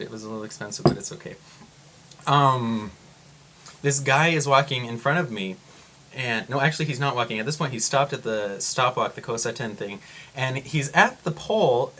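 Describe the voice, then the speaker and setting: Excitable rambling male vlogger. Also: medium pitch. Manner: rambling and excitable, with frequent exclamations. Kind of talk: casual storytelling to camera.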